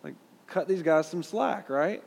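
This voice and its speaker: A man's voice: on the high side, a little slow, creaky, slightly rough, long reverb tail. A man with a Southern US accent teaching a Bible class in a conversational way, putting questions to his listeners. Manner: conversational, asks the audience questions.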